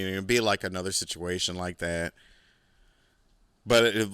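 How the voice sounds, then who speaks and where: Guy rambling and cussing on his podcast, lowish voice, super dry sound. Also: sharp tone, smooth, dry recording. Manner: rambling, profane storytelling. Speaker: podcast host. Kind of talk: casual solo podcast monologue.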